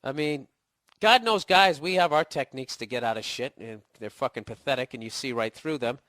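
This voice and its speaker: A podcast host who's getting over a cold responds to a listener's email, ranting bluntly and comically, swearing and tossing in sarcastic jabs. His mid-range voice is slightly quick with a sharp edge, recorded dry at studio quality.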